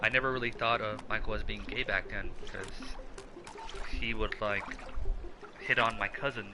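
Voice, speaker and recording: Young male streamer, lowish voice, rambling profane storyteller, game music behind. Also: steady tone, moderate pace. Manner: rambling, profane, self-mocking. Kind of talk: casual storytelling over gameplay.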